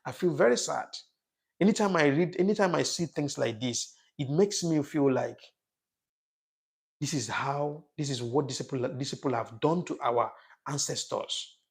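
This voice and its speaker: A man's voice: mid-range voice, normal speed. A man hosting a casual livestream, reading out viewer comments and talking with emotion, often repeating his phrases. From Africa. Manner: emotional, repetitive, restarts phrases.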